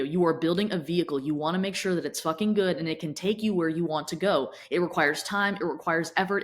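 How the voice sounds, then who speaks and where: A woman coach giving a blunt, tough-love motivational talk straight to camera, swearing often. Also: lowish voice. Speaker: fitness and mindset coach.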